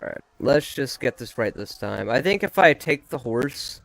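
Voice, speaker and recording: A man giving live commentary on a game he is streaming, frustrated and ranting in quick bursts. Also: medium pitch, big pitch swings, creaky, a bit bright, dry recording.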